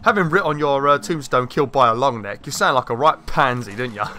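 A man gives casual let's-play commentary with a bright, forward tone. He is excitable and swears freely. He often talks straight to the creatures in the game. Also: mid-range voice, fairly quick, slight background noise. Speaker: gaming channel host.

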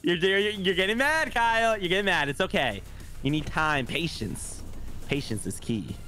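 A man playing a game with a friend in casual chat, teasing him and breaking into high shouts. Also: lively intonation, normal speed, soft background music. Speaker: guest gamer.

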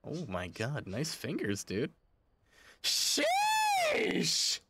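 A man streaming a video game, talking casually in an excitable, profane way. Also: medium pitch, heavy background noise. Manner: excitable and profane, quick to swear. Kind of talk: casual gaming commentary.

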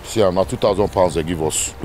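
An actor with a Nigerian Pidgin English accent playing a brash, streetwise young man who talks loud and mocking. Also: low-pitched, fast, a little hiss or hum, lightly acted. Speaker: actor in a comedy film. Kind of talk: film comedy acting.

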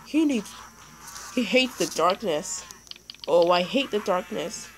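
A woman narrating her game in an excitable let's play style, her voice climbing and dropping all over the place. There is a gravelly fry in her tone, and she talks at an unhurried pace, chatting to the creatures on screen. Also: mid-range voice, slight background noise, low-quality recording. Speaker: gaming YouTuber.

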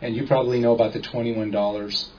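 A man's voice: mid-range voice, little pitch movement, quick pace, muffled recording, slight background noise. A man giving an informal talk to a small audience, often checking in with listeners as he explains. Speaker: seminar speaker.

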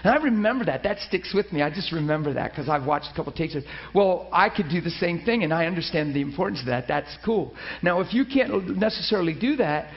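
A man's voice: fairly high pitch, fast talker, hardly any pauses. Dull-sounding man preaching a testimony. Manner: storytelling, animated quoting with many restarts. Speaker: pastor. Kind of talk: sermon testimony. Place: church.

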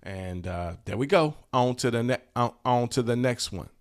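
A man hosting a channel for t-shirt sellers, talking casually and enthusiastically, in a relaxed, slangy way with plenty of swearing. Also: medium pitch, normal speed. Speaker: host of a t-shirt business channel. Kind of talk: casual talk showing shirt designs.

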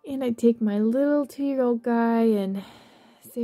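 A woman narrating a guided visualization in a soft, slow, affectionate way, with gentle laughs. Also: fairly high pitch, faint music behind. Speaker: meditation guide.

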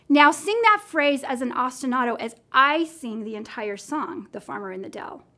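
Woman, American accent, high voice, clear and encouraging, music lesson demonstration. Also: expressive, normal speed, few pauses, bright, forceful tone. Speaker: music teacher trainer. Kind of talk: instructional demonstration.

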